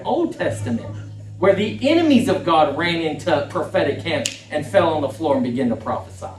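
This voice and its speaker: A middle-aged man, preaching a fervent sermon as a pastor and repeating phrases for emphasis. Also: sits high. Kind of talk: impassioned sermon. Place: church sanctuary. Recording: echoey church room, distant mic, faint music.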